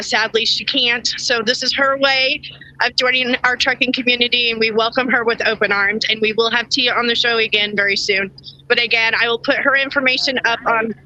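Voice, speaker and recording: Bright high-voiced woman hosting. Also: rough recording. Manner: emotional, laughs often, gets choked up. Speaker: show host. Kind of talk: casual livestream talk show.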